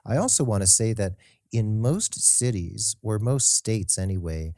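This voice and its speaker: Male co-host, deep warm tone, measured and informative. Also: lively intonation, dry recording, studio quality. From Santa Fe, New Mexico area. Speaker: podcast co-host. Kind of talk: casual chat.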